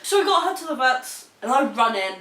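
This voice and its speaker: A young woman with a New Zealand accent telling a story in a sweary, animated way, laughing as she goes. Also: sits high, fairly quick. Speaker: vlogger. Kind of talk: casual storytelling. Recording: echoey room, mic at a distance.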